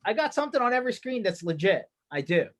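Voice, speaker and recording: A man's voice: high-pitched, big pitch swings, fast, a bit bright. Upbeat male host on a video call. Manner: upbeat, casual banter with slang. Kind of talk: casual chat.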